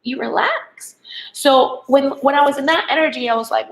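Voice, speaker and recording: A woman's voice: sits high, moderate pace, creaky, low-quality recording. A woman love coach giving a motivational spiritual talk to women, checking in with "okay?" and "right?" as she goes.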